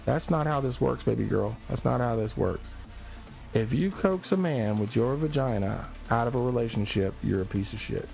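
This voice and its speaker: A man's voice: medium pitch, expressive, normal speed, vocal fry, darkish tone, faint music behind. A tired man streaming live, ranting in a blunt, profane and rambling way. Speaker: livestreamer. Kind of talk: casual live-stream rant.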